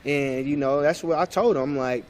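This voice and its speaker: A former point guard in his thirties, talking casually on a podcast. His voice sits on the high side for a man. He tells stories with energy and slips into the voices of the people he quotes. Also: normal speed. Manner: animated, acts out past conversations. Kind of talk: casual storytelling interview.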